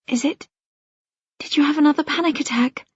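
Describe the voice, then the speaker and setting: A woman reading the part of a worried, gentle mother of a teenage girl, anxious and soothing by turns. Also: high-pitched, brisk, no room sound, pitched above the performer's own voice, lightly acted. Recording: dull, dry lo-fi audio.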